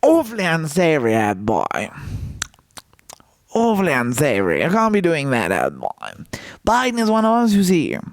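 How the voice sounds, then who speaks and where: A man's voice: on the high side, wildly swooping pitch, normal speed. A man voicing a chiding small-town older man who drawls and keeps calling the listener "boy". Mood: scolding.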